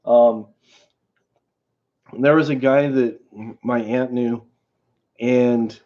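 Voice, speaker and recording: A man hosting a livestream, telling a story in a casual, rambling way with many halting restarts. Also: mid-range voice, darkish tone. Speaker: livestream host. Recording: dull lo-fi stream audio.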